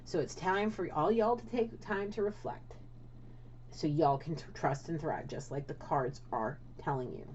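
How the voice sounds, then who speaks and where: A woman's voice: low-pitched, moderate pace, a little mellow, slight background noise. A woman giving a casual spiritual tarot reading, blunt and swearing, often checking in with "okay?". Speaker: tarot card reader. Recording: dull lo-fi audio.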